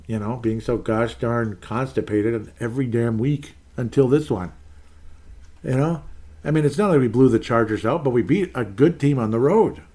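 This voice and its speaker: A man's voice: mid-range voice, a little mellow. A man hosting his own sports talk show, ranting in an exasperated, rambling way with sarcastic asides. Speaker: sports podcast host. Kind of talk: ranting solo commentary.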